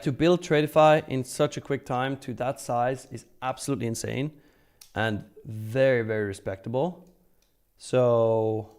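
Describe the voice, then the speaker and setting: A man's voice: medium pitch, darkish tone. A man hosting a live trading stream, chatting casually and reading viewer comments aloud. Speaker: livestream host.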